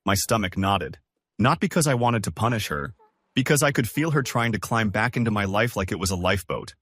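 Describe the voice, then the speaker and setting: Reading in a scripted style, a man narrates first-person relationship stories, delivering lines one after another in steady storytelling. His voice is fairly low and a little fast, with no echo.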